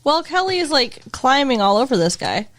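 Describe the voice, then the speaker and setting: A woman's voice: high voice, sing-song, moderate pace. A woman co-hosting a podcast, recapping a TV episode in casual chat, chatty and giggly, saying "like" a lot. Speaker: podcast co-host.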